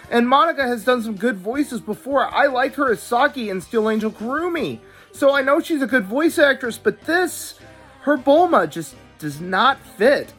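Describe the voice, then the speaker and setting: A man's voice: high voice, a bit bright. A man hosting a video, giving opinionated casual commentary with stammering asides. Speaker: video host reviewing dubs.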